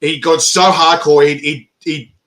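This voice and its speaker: A man interviewing a guest in casual chat, telling animated stories and laughing often. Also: a little high, measured pace.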